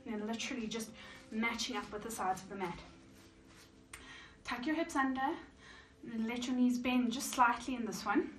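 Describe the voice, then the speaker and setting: A woman guides her yoga class through breathing and squats, counting calmly while moving with them, her voice a little high and her speed normal. She's somewhat out of breath, captured from afar in an echoey space with faint hiss.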